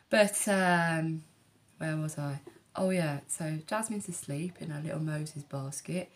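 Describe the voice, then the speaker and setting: A woman tells her own story in a frank, rambling way, swearing freely and wandering into asides. Her voice sits slightly low and carries a gravelly, fry-edged texture. She is in her thirties and talks candidly to camera. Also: darkish tone, slight background noise. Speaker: vlogger.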